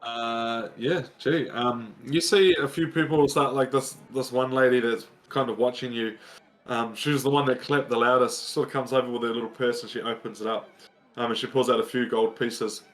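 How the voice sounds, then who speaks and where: A man narrating a tabletop game as game master, pausing often with ums. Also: mid-range voice, fairly even intonation, a bit bright. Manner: hesitant, many ums.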